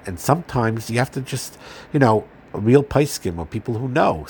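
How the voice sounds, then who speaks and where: A man giving an earnest, gentle religious talk on marriage, pausing often fillers and restarts. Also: sits low, slight background noise. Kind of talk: informal religious lecture.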